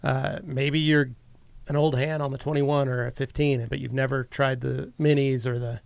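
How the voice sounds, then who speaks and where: A man's voice: medium pitch, little pitch movement, moderate pace, gravelly, no room sound. A man co-hosting a podcast, telling an easygoing story in casual chat with lots of fillers. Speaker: podcast co-host.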